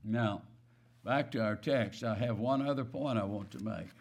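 A man's voice: fairly low pitch, normal speed, creaky, darkish tone. A man preaching a sermon, stressing key words and asking his listeners rhetorical questions.

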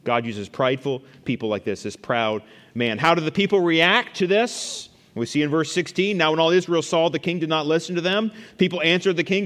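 A man's voice: on the high side, brisk, fairly bright tone, big-room sound. A man preaching a sermon, reading scripture aloud and then explaining it verse by verse.

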